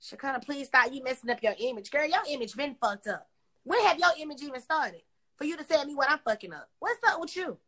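Brief: loud-mouthed woman livestreaming from her phone, high bright voice, crude and mocking. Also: animated, fast talker. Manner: brash, profane, mocking. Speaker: Instagram live host. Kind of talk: casual trash-talking livestream.

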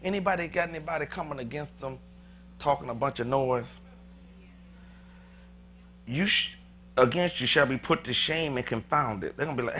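A male pastor preaching a sermon to his church, moving from quiet scripture reading to fervent shouted declarations, with chatty asides to the congregation. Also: a little high, normal speed, long pauses, slight background noise. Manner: animated, conversational, with asides to the congregation. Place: church sanctuary.

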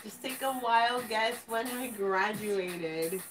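Slow-talking woman, a bit off-mic. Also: medium pitch, a bit bright, far from the mic, low-quality recording. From California. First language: Spanish. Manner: rambling, giggly, self-teasing. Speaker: host. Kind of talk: casual live-stream chat.

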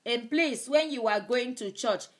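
Emphatic higher-voiced woman preaching. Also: measured pace, a bit bright. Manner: emphatic, repeats key phrases. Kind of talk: live-streamed sermon.

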